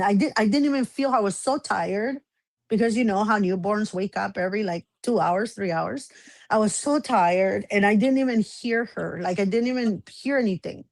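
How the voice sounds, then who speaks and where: A woman guest telling a personal story in casual chat, animated, acting out the back-and-forth she describes. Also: medium pitch, moderate pace, no echo. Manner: animated, acts out quoted exchanges.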